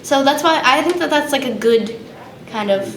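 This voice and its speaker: A woman's voice: sits high, animated, moderate pace, fairly bright tone. A female voice actress answering at a convention press conference, rambling and hesitant with lots of "like". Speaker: voice actress guest. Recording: echoey room with background noise.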